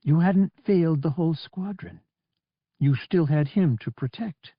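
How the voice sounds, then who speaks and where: A man's voice: on the high side, unhurried, breathy edge, dry recording, dull audio, pitched above the performer's own voice. A man reading an audiobook, raising his voice to play a young woman pilot who pleads, worried and angry. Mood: pleading. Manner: pleading and insistent.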